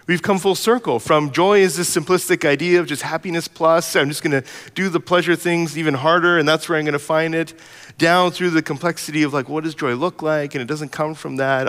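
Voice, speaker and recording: A man's voice: on the high side, fairly bright tone, in a large hall. A man in his thirties preaching a sermon as a pastor, telling a family story earnestly and rising to emphatic peaks.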